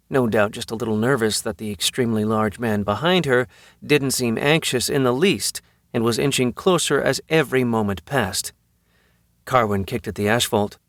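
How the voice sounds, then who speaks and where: Man, audiobook narration, mid pitch, dry close mic, measured. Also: dry recording. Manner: even, measured storytelling. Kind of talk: scripted narration.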